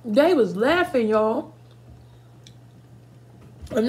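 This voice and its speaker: A woman's voice: on the high side, expressive, takes it slowly, pauses often, a little mellow. A woman in her twenties telling casual, profane stories while eating for a mukbang video, stopping now and then to react to spicy food. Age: 20s. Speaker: mukbang vlogger.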